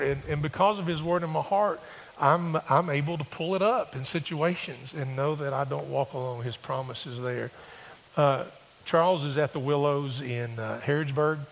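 A male pastor with a somewhat high, gravelly voice. He preaches in a storytelling way, building to emphatic bursts. The sound has a long reverb from a large church hall. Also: slight background noise. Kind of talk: sermon.

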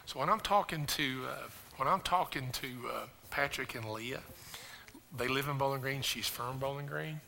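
An older man, a pastor, preaching a sermon, telling a personal story and then rising into loud, impassioned preaching. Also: medium pitch, normal speed, vocal fry, slight background noise. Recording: reverberant hall with faint music.

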